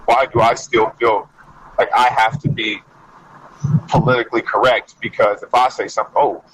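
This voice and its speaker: A man who is a coach, talking as a podcast guest in casual chat, telling stories in an animated way and saying "like" often. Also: medium pitch, normal speed, breathy edge, rough recording. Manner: animated storytelling, frequent "like".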